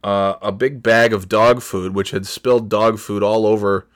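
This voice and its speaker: A man hosting a podcast, telling a rambling story with exasperation, his voice jumping high when he rants. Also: little pitch movement, normal speed, no room sound, studio quality. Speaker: podcast host. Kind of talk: casual storytelling monologue.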